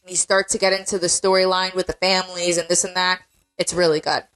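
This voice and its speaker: A woman's voice: on the low side, little pitch movement, fast, a bit bright, clear, resonant tone. A young woman hosting a podcast in casual chat, upbeat and steering the conversation from topic to topic. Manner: upbeat, steers the talk with segment questions. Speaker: podcast host.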